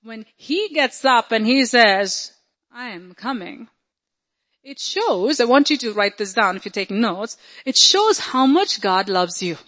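Fervent woman preacher, swinging loud to hushed. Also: fairly high pitch, big pitch swings, measured pace, few pauses. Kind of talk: sermon.

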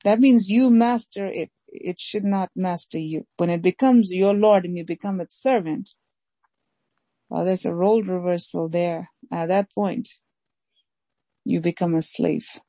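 A woman pastor preaching a sermon slowly and emphatically, repeating key phrases and reading scripture aloud. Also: on the low side, mellow, dry recording, poor audio. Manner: slow, emphatic preaching with deliberate repetition.

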